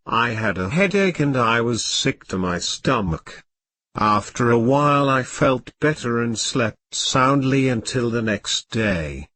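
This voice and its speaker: A computer-generated male voice narrating an audiobook in a slow, even reading. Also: medium pitch, dry recording.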